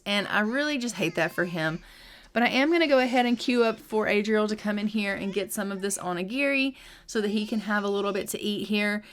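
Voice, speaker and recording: A woman hosting a gaming channel gives upbeat, chatty let's-play commentary over a life-simulation game, often saying "um." Her voice is medium-pitched with a fairly bright tone.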